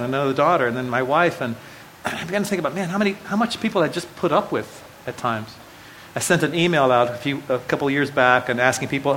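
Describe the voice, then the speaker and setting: Before a live audience in a church hall, a middle-aged pastor preaches by telling personal stories casually, cracking self-deprecating jokes, restarting often, and making asides to listeners. His voice is a little high and somewhat bright, captured on a low-quality recording with a bit of hiss or hum.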